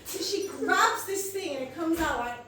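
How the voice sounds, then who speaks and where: A middle-aged woman doing an animated, swearing stand-up set on a club stage. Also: very high voice, moderate pace, far from the mic. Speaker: stand-up comedian. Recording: echoey venue mic, audience laughter.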